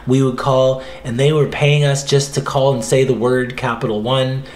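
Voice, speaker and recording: A Canadian man hosting a casual podcast chat, telling stories in an animated way and mimicking corporate scripts. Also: medium pitch, moderate pace, echoey room. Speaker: podcast host.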